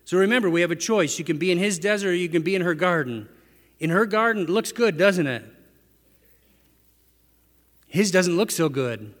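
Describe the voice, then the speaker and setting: A man's voice: high voice, expressive, normal speed, pauses often. A man preaching a sermon in a conversational way, asking his listeners rhetorical questions. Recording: echoey hall reverb.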